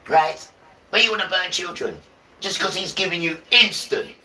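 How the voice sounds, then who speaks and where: A man's voice: high-pitched, animated, normal speed, sharp tone, distant mic, slight background noise, low-quality recording. A man livestreaming an impassioned spiritual talk, urging his viewers directly in a preachy, urgent way. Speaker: livestream host.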